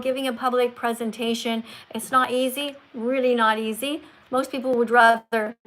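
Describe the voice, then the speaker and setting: Livestream host, woman, teacherly, coaches pacing and emphasis, slightly high pitch. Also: fairly bright tone, rough recording. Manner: teacherly, slows down to stress words. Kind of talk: casual livestream chat, coaching a caller.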